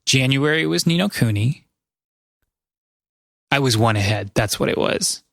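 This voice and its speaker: A man's voice: mid-range voice, lively intonation, a little slow, vocal fry, fairly bright tone, no echo, studio quality. A man hosting a casual gaming podcast, rambling and correcting himself as he tells a story. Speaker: podcast host. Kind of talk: casual chat.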